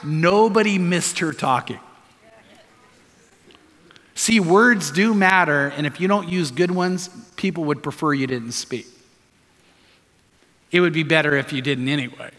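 A man's voice: fairly high pitch, measured pace, long pauses, a bit bright, in a large hall. A male pastor preaching a sermon, emphatic and full of rhetorical questions to the congregation.

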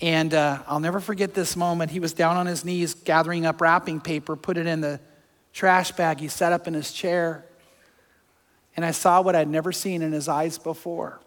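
Guy preaching, high voice, long hall echo, goes quiet then gets fired up. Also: steady tone, normal speed. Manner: personal storytelling, swings from hushed to fervent. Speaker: pastor. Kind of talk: sermon.

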